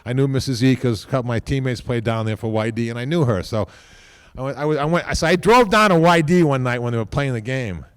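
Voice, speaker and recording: A man speaking at a podium microphone during an induction ceremony, rambling informally, repeating himself and tagging lines with a quick "okay?". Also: medium pitch, clear, resonant tone, dry recording, clean studio sound. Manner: repeats words and restarts often. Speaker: team executive giving induction speech.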